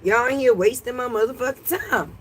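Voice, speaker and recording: A woman's voice: fairly high pitch, lively intonation, a little fast, a bit bright, husky. A woman hosting a casual livestream from her porch, brash and profane, scolding her chat. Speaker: livestream host. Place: porch outdoors.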